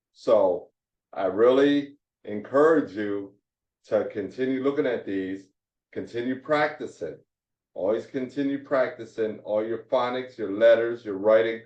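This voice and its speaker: A man teaching a Hebrew phonics lesson, slowly repeating and drilling each syllable. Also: mid-range voice, darkish tone. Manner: slow, repetitive drilling of syllables. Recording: roomy, distant, dull lo-fi sound.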